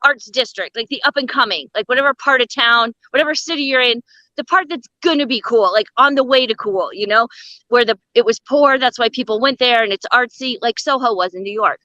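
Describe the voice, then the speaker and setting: A woman stand-up comic telling bawdy stories as a guest in an interview, brash and animated. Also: on the high side, a little fast, dry recording, lo-fi sound. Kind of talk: comedic storytelling in an interview.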